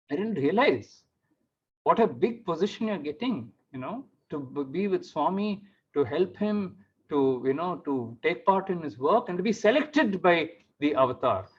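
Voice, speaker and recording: A man giving a devotional testimony talk, telling his story in an animated way and acting out the dialogue. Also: on the high side. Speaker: speaker at a devotional gathering. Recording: muffled lo-fi sound.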